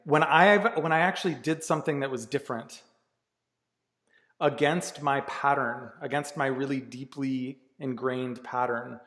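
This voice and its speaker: A man coaching in a candid, earnest way, casually dropping swear words and circling back on his phrases. His mid-range voice rings through a room with a long, lingering reverb. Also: medium pitch. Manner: candid and earnest, swears freely, many restarts. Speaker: life coach. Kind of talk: casual motivational talk.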